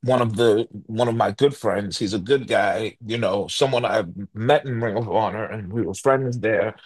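A man's voice: fairly low pitch, normal speed, husky, no echo. New guy, middle-aged, rambling story with lots of restarts, dry close mic. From New York. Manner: rambling, lots of restarts and fillers, acts out quoted voices. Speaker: guest. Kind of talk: animated storytelling.

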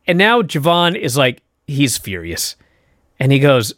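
A man co-hosting a casual wrestling podcast, telling a story and acting out the quotes with lively swings. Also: a little high, a little slow, no room sound, studio quality. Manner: animated storytelling, acts out quotes. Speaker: podcast co-host.

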